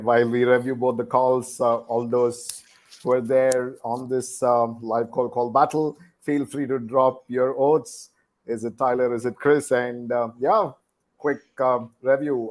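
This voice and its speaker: Man, moderator, easygoing, halting, many fillers, video call. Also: mid-range voice. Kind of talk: casual panel chat.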